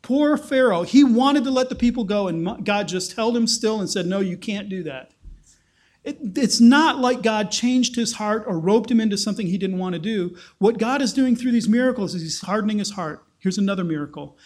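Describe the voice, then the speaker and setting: A man's voice: high voice, fairly quick, hardly any pauses, a little mellow. A man preaching a conversational Bible-teaching sermon, explaining and acting out quotes.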